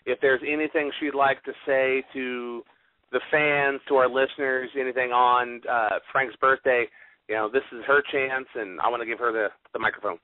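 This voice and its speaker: A man's voice: mid-range voice, steady tone, normal speed, no room sound. A man hosting a talk radio show in a businesslike way, keeping the show moving. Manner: businesslike, moves the show along. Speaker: radio host. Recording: dry, phone-like line.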